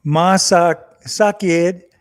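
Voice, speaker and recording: Dad-host, unhurried and coaxing, voice sits a touch high, casual home vlog. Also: male voice, steady tone. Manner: patient, coaxing, repeats phrases slowly. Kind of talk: casual family vlog, teaching phrases.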